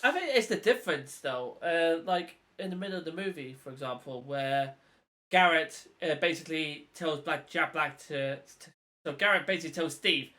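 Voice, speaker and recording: A man's voice: fairly high pitch, expressive, moderate pace, pushed and bright. A young man co-hosting a casual podcast, blunt and a bit sweary as he makes his points. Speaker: podcast co-host. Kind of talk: casual chat.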